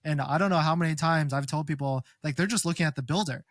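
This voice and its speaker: A man speaking as an expert guest, explaining car-buying tips in a casual, animated way and acting out customers. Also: a little high, no room sound, studio quality. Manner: animated, quick explainer who acts out customers. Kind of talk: casual conversational advice.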